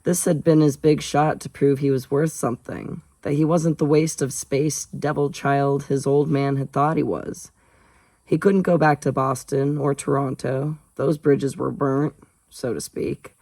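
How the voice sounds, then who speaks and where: A man reads a novel aloud in a relaxed, unpolished way, his voice carrying a gravelly edge. He pitches it in an ordinary middle register and breaks off now and then for chatty, self-mocking asides about his own stumbles. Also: a little slow, no room sound, low-quality recording. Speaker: audiobook reader. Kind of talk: casual audiobook reading.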